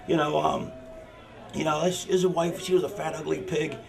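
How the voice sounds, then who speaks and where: A man's voice: fairly high pitch, level tone, normal speed, creaky, crowd noise. A man talking a younger wrestler through a match plan in a rambling, profane way, full of "you know". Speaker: veteran wrestler coaching a younger wrestler. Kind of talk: casual backstage planning talk. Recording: music playing in the background.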